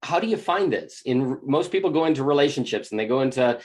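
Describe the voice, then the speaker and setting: Animated spiritual teacher, medium pitch. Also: fast talker. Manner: animated, acts out inner voices with gasps. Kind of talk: motivational spiritual talk.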